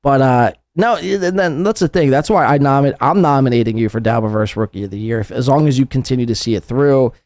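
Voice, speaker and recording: A man's voice: mid-range voice, a little mellow, no room sound. Teasing male podcast host, dry sound. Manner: teasing, swears freely, quick laughs. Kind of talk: casual podcast banter.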